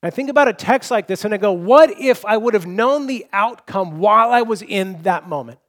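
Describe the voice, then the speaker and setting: A man's voice: high voice, lively intonation, moderate pace. A young adult man preaching a sermon, earnest and personal, often restarting with repeated words. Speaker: pastor.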